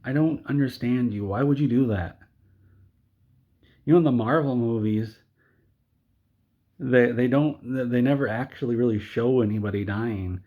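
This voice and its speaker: A man's voice: mid-range voice, normal speed, long pauses, phone-quality sound. A man delivering an exasperated comedic movie rant, stumbling over and repeating his words. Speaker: video creator.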